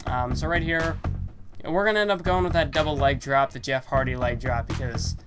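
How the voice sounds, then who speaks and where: A young man who hosts a gaming channel comments on a wrestling video game while game music plays. His mid-range voice moves at normal speed, and his rambling, casual talk is full of fillers and self-corrections.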